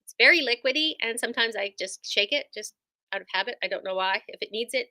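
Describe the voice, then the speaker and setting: A woman's voice: mid-range voice, brisk, bright, forceful tone. A woman who runs a quilt shop, chatting enthusiastically through a casual product demo with lots of ums and likes.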